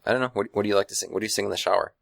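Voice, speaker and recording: Male co-host, rapid, playful questioner, deep voice, dry sound. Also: vocal fry, fairly bright tone, no echo. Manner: teasing, eager questioner. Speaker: podcast co-host. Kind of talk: casual chat.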